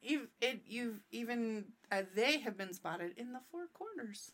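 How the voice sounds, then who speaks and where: Lively, giggly woman podcast co-host. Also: fairly high pitch, measured pace. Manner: giggly, excitable, jokey. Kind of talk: casual comedic chat.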